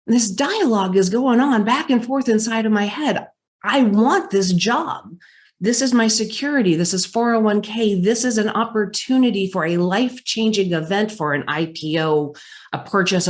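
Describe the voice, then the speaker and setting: A middle-aged woman and business consultant, telling a personal story as a keynote speaker, with slow, emphatic, dramatic phrasing and pauses. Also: on the low side.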